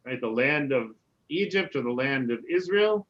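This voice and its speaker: Man, rabbi, casual online lesson, chatty, middle pitch, muffled call audio. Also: moderate pace. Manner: relaxed, chatty, many "right?" checks. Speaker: rabbi teaching a Hebrew class. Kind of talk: casual online class teaching.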